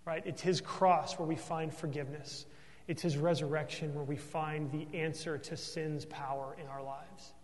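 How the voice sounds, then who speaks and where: A man's voice: on the high side, fairly even intonation, moderate pace, long reverb tail. A man preaching a sermon as pastor, earnest and emphatic, often tossing in a questioning "right?" to the congregation.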